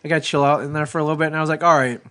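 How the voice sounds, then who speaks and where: A man's voice: on the high side, monotone, very fast, a bit bright, smooth. A man in his thirties co-hosting a podcast, telling a rambling story in casual chat and swearing freely. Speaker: podcast co-host.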